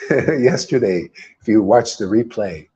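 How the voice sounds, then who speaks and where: A man's voice: fairly low pitch, animated, slow, darkish tone, breathy edge. Emphatic man giving a spiritual talk, lo-fi. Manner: emphatic, repetitive, rhetorical questions. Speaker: devotional group leader.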